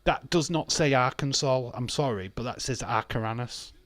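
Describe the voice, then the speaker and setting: A man's voice: mid-range voice, normal speed, a bit bright, no echo. A British man hosting a wrestling watch-along stream, reading chat aloud, laughing often and arguing playfully, with some swearing. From Britain. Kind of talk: casual live-stream chat.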